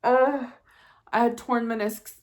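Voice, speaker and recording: This is a woman vlogger, perhaps in her forties, whose slightly high voice is steady, slow and a little mellow. She talks candidly and emotionally to her viewers in a casual way, sometimes laughing at herself.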